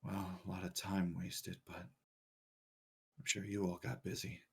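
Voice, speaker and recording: A man voicing a calm, weary male dragon spirit in a quiet, subdued tone. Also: low-pitched, slow pace, gravelly, breathy edge, heavily acted.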